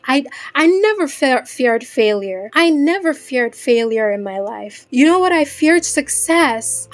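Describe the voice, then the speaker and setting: A woman in a faceless vlog giving a heartfelt motivational chat to other women. She talks earnestly, repeats herself for emphasis and speaks of her faith. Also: sits high. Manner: earnest, repetitive, speaks straight to the listener as "ladies"; faith-driven encouraging tone.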